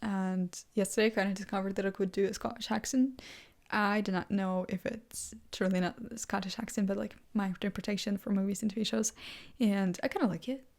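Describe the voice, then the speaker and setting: A woman vlogging casually as she thinks out loud, her sentences wandering and full of "like" as she restarts her thoughts. She is playful and amused by her own asides, and her voice sits at an ordinary middle pitch. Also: steady tone, fairly quick. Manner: rambling, heavy use of "like", frequent restarts.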